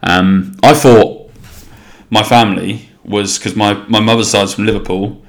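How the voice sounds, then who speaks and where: A man's voice: on the low side, fairly even intonation, a little slow. A young man from England hosting a casual solo podcast, chatty and rambling, swearing freely and restarting his sentences. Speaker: podcast host.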